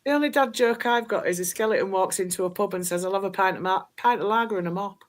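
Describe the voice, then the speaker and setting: Dry-witted radio guest with deadpan jokes. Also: medium pitch, quick pace. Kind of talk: casual chat with dad jokes.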